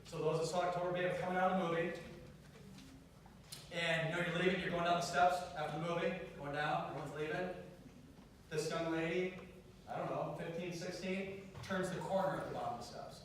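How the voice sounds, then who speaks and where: A man giving a campus talk, telling stories and urging the students, dropping to a hush and then rising to loud calls. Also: on the high side, steady tone, brisk, a little hiss or hum. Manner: storytelling, urges the crowd, swings from hushed to loud. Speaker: pro-life speaker. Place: university lecture hall. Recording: very echoey hall, far-off mic.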